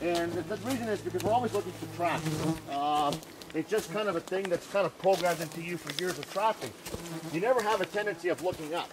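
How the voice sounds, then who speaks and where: A young man from northern Canada telling a story in a casual, animated way, re-enacting his own shouts. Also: high-pitched, fast, noisy background. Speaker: storyteller giving a tour. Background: music playing under the voice.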